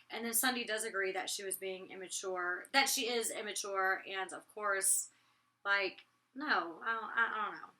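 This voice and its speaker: A woman vlogger giving a chatty, animated recap of a reality TV episode. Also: medium pitch, moderate pace. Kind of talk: casual reality TV recap vlog.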